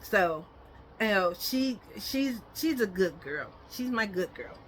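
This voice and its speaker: A woman's voice: medium pitch, expressive, slow pace, slight background noise. A woman chatting casually in a home vlog while brushing her dog's teeth, rambling and switching to coaxing baby talk. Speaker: dog owner vlogger.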